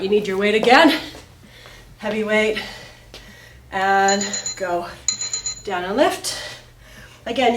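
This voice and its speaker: A fairly high-voiced woman leads a home workout, calling out posture cues and counts while she exercises along. She sounds a little winded at times. Her voice comes from some distance off the mic in an echoey room with a faint hiss underneath. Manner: cues moves while exercising, breathy between sets. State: out of breath at times. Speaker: fitness instructor. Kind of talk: follow-along workout coaching. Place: home workout studio, indoors.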